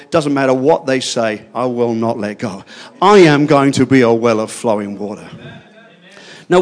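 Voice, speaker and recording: Older man, preacher, fervent sermon, high voice, very animated pitch. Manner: fervent, swings between hushed asides and loud declarations.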